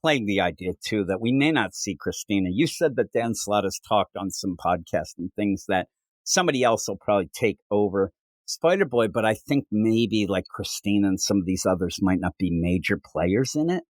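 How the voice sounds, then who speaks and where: A man co-hosting a casual comic book podcast, recapping stories in an animated way. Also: fairly low pitch, moderate pace, no echo. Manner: animated recapping, jumping into character voices. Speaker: podcast co-host.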